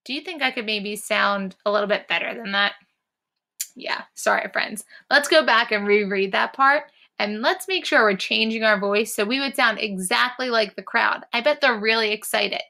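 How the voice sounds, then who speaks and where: A woman teacher reading a storybook aloud to children, encouraging them and pausing to talk about the characters' feelings. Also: fairly high pitch, creaky. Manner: encouraging, warm praise to young listeners.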